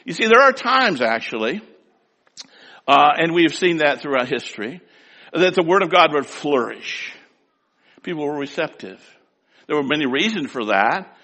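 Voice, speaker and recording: A man preaching a sermon, emphatic, swinging between loud, drawn-out declaiming and quiet asides. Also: fairly high pitch, very animated. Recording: long hall reverb.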